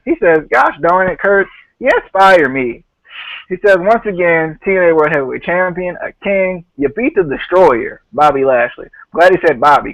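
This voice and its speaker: A man's voice: fairly high pitch, fairly bright tone, no room sound, highs cut off. A man hosting a podcast, casually retelling a show and laughing often as he quotes people. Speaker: podcast host.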